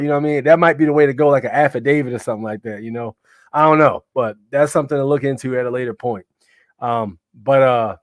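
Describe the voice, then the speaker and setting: A man's voice: medium pitch, no room sound, studio quality. A man hosting a live stream, reacting to clips in slangy, rambling casual commentary, talking to his chat. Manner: slangy, rambling, many fillers and "you know what I'm saying". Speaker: livestream host.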